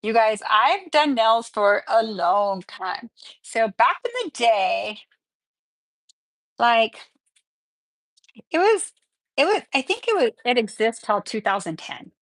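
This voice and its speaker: A woman's voice: fairly high pitch, big pitch swings, takes it slowly, pauses often, fairly bright tone, dry recording, rough recording. Chatty nail teacher woman, dry close sound. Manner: chatty, upbeat, talks while working. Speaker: nail instructor. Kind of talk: livestreamed nail tutorial.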